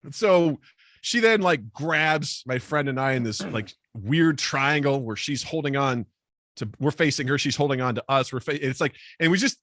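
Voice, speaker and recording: A man telling a comedic personal story in casual podcast chat, animated and self-deprecating, acting out the people he quotes. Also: mid-range voice, moderate pace, dry recording, studio quality.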